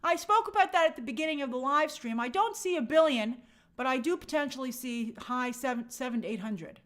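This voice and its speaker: Female live-stream host, slightly high pitch, casual and conversational, thinks aloud with fillers. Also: expressive, fairly quick, fairly bright tone. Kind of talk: live-stream chat reading viewer comments.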